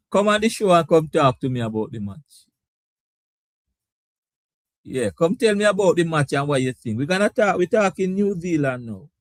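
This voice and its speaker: A man's voice: a little high, dry recording. A man hosting a casual live sports talk stream. He laughs often and reads out viewer comments. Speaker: sports talk show host.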